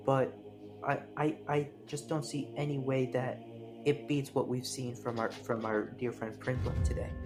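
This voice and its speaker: A man voicing a blunt female surf competition judge who talks in a halting, hesitant way. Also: mid-range voice, close to an everyday voice. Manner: hesitant, halting delivery with fillers. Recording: clear background music.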